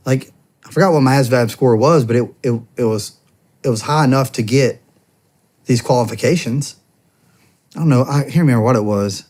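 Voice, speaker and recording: A man's voice: medium pitch, brisk, a little mellow. A man in his thirties from the United States, a former soldier telling a long casual story in an interview, full of "I'm like" and quoted back-and-forth. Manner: rambling, heavy on "I'm like" and quoted dialogue. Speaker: podcast guest, former soldier and police officer.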